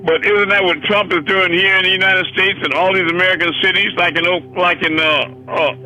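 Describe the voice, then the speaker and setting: A male preacher with a high, piercing, sharply edged voice delivers an impassioned sermon. He swears freely and presses his listeners with rhetorical questions, with faint music behind him. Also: steady tone, fairly quick, sharp tone, poor audio. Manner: fiery, profane, rhetorical questions.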